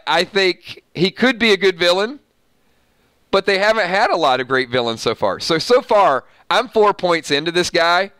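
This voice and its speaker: Male recap host, bright clear voice, dry close sound, laughs through his sarcastic reading. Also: on the high side, dry recording. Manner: laughing often, sarcastic asides. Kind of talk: casual TV recap reading from an article.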